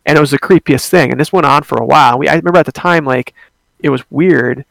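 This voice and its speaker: A man's voice: a little high, fast, gravelly, a bit bright, no echo. A young man telling a personal ghost story in a casual, rambling way, with many fillers and restarts.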